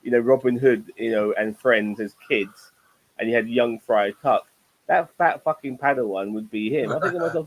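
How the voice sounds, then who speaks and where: A man's voice: medium pitch, moderate pace, poor audio. A middle-aged man hosting a casual TV review chat show, rambling and swearing freely. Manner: profane, rambling, animated.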